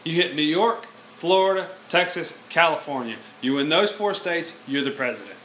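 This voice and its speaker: A man talks with a laid-back, wry manner on a podcast, swearing freely. His voice is bright with a slight edge and sits a bit high for a man. A faint hum lies under the recording. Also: lively intonation, normal speed. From Alabama. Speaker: podcast co-host. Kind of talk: casual chat.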